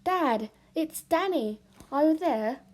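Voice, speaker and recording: A woman's voice: high voice, lively intonation, slow pace, darkish tone, pitched above the performer's own voice. A woman voicing a frightened young boy in a storybook, calling out and pleading. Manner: pleading, raised calls.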